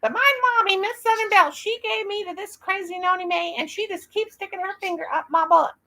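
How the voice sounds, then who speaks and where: A shrill little girl doll squeaks her complaints in a sharp, high voice well above a normal speaking range. She tattles in a whiny, childish sing-song, all pinched and bright. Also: fairly quick, heavily acted. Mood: whiny tattling.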